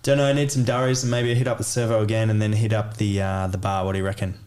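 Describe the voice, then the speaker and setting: A man's voice: lowish voice, level tone, a little mellow, lightly acted. A man with an Australian accent playing a laid-back Australian bloke who rattles off slang to a mate. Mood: breezy. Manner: fast slangy drawl.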